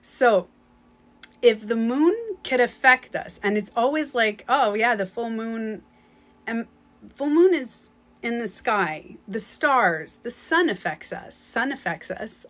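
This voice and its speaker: A woman with a light French accent, talking casually on a live stream as a spiritual coach, chatty and rambling, often laughing. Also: medium pitch. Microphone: phone.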